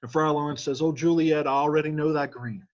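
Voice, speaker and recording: A man's voice: fairly high pitch, steady tone, a little fast, a little mellow, highs cut off. A man reading lines from a play aloud and then restating each one in casual, slangy modern speech as a teacher. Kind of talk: casual line-by-line play explanation.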